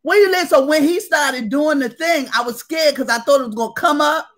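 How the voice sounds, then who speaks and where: Her voice is high and her pace normal as she co-hosts a comedy show by video call. Full of laughter and energy, she shares raunchy comic tales and impersonates the people in them.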